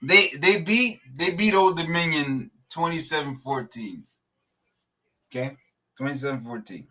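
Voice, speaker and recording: A man argues sports on a podcast, fired up and swearing freely. His voice sits a little high and rings bright and forceful. He keeps circling back to the same point with mounting heat. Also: measured pace. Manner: heated, profane, animated ranting. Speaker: podcast co-host. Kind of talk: casual sports debate.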